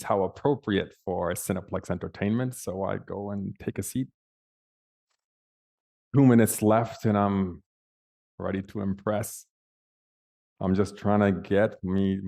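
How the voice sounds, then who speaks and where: A middle-aged man giving a keynote speech, telling a personal story with dramatic pauses and acted-out quotes. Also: on the low side, a little mellow. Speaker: keynote speaker.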